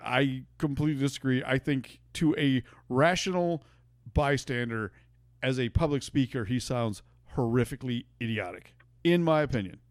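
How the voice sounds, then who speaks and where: A man's voice: mid-range voice, normal speed, dry recording, clean studio sound. A man hosting a podcast, debating casually, stammering through restarts and swearing as he gets worked up. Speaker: podcast host.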